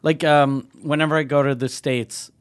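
A man's voice: a little high, steady tone, normal speed, clean tone. A man in a casual group conversation who tosses in profane, joking asides and comic riffs. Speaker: participant in group chat. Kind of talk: casual chat.

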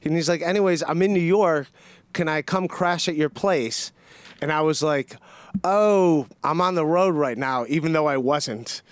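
A man's voice: on the high side, normal speed, smooth, no echo. A man telling a long story on a casual podcast, rambling with lots of fillers and restarts.

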